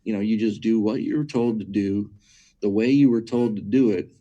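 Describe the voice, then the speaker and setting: Heard through dull audio, a man with a lowish, dark voice speaks at normal speed as an interview guest. He teaches about churches emphatically and conversationally, repeating words to build up each point and checking in with rhetorical questions.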